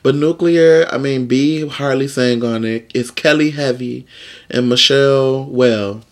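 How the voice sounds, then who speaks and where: A man's voice: medium pitch, unhurried. A man hosting his own vlog, talking through celebrity gossip in a chatty, sassy, playful way. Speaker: vlog host. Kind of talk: casual gossip commentary.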